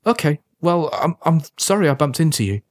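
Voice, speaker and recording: A man's voice: on the high side, sing-song, fairly quick, no echo, clean studio sound, pitched above the performer's own voice. A man voicing a timid schoolboy who stammers when flustered. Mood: nervous.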